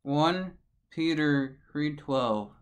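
A man's voice: on the high side, animated, extremely slow, low-quality recording. A man hosting a devotional video who chants his catchphrase over and over, then reads scripture and gives blessings in an earnest, preacherly way. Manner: sing-song, repeats phrases over and over. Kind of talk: repetitive catchphrase intro, then scripture reading.

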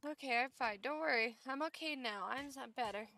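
A woman's voice: sits high, a little fast, sharp tone. A young woman streaming a game, chatting playfully with her chat in cutesy slang. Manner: playful, cutesy slang, often laughs and yawns. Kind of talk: casual gameplay commentary.

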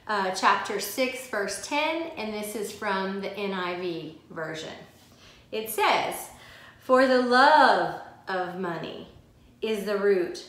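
A woman's voice: mid-range voice, fairly bright tone. A woman teaching a Bible study, reading scripture aloud and stressing key phrases with emphatic repetition. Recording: very echoey room.

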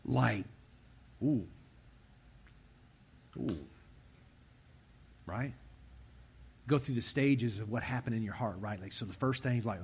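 A young man preaching a conversational sermon, animated and speaking directly to the men listening. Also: mid-range voice, a little slow, long pauses, slightly rough. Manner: animated, talks straight to the men in the room.

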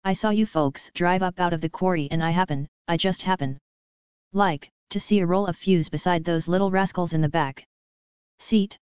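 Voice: medium pitch, fairly even intonation, normal speed, clean tone, no echo, lightly acted. A narrator voicing a huge, menacing gangster boss who growls threats in a storybook reading. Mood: threatening. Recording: dull, dry sound.

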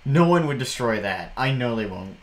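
A man's voice: medium pitch, lively intonation, normal speed, background noise. A man giving casual commentary while playing a game, rambling and jumpy, breaking into shrieks when startled. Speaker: gameplay commentator.

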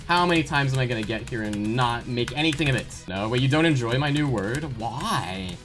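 A young woman streaming a game, talking to her chat, scolding herself and yelling when she fails, with faint game music behind her. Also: a bass voice, animated, brisk, few pauses. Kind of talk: live-stream gameplay commentary.

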